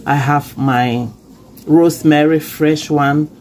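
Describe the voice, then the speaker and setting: A woman's voice: sits low, steady tone, takes it slowly, a little mellow, a little hiss or hum. A woman, who has a cold, hosting a chatty, reassuring cooking tutorial in her home kitchen. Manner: chatty, reassuring, repeats okay. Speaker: cooking channel host.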